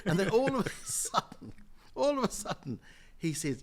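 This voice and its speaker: With a high voice, a slightly fast delivery and vocal fry, this older man from Jamaica and the UK is being interviewed on a podcast. A member of the House of Lords, he tells stories emphatically and laughs frequently.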